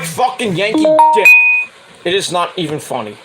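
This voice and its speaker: A man's voice: sits high, big pitch swings, normal speed, over loud music, poor audio. A man hosting his own stream, ranting in a profane, heated, rambling way about sports. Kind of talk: casual sports rant.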